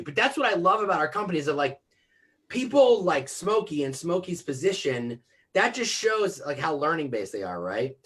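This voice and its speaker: A man's voice: fairly high pitch, sing-song, brisk, fairly bright tone, husky. A man hosting a casual video call chat, rambling along with lots of likes and you-knows. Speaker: host.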